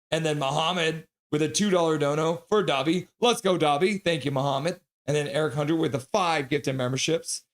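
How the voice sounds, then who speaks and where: A man hosts a live fan stream in a loose, chatty way. His voice sits a little high for a man. He runs through chat messages and donations one after another. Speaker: streamer host. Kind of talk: casual stream sign-off, reading chat.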